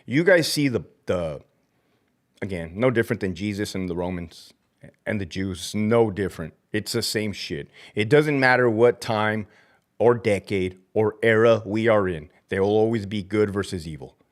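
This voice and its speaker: His voice is lowish and his speed normal. The middle-aged former corrections officer hosts a livestream, answering chat while ranting about his old job with profanity, mockery, fiery energy and plenty of Spanish slang.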